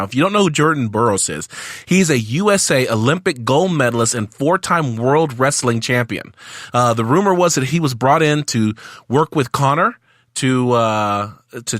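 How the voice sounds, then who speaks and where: A man hosting a casual sports podcast, jokey and energetic, acting out quotes as he goes. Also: mid-range voice, no echo, studio quality. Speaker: podcast host.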